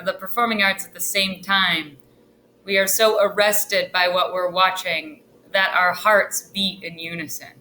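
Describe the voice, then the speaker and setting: A woman teacher giving a recorded screencast lesson in a deliberate, teacherly way with occasional fillers. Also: lowish voice, bright, forceful tone, slight background noise. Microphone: computer screen recording.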